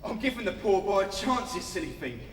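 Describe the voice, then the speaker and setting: A man's voice: sits high, very animated, fairly quick, slight background noise. A man playing a sneering young bully. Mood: mocking. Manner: taunting, cocky, loud stage delivery. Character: sneering bullying young male undertaker's apprentice. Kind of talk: amateur stage musical acting. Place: theatre stage. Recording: echoey hall from far off, music.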